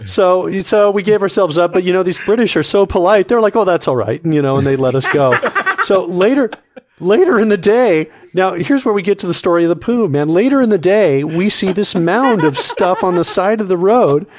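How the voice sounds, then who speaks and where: Excitable rambling man telling comic stories. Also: high-pitched, normal speed, slight background noise. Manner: rambling, excitable, laughing storyteller. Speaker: comedy podcast regular. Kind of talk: comic storytelling on a podcast.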